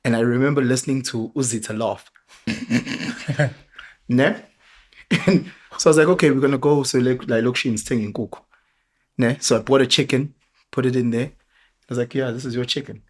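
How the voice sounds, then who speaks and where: A middle-aged man with a South African accent, telling animated parenting stories in a casual podcast chat. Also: mid-range voice, normal speed, long pauses. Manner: animated storyteller, mixes local words into his talk. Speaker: father sharing parenting stories.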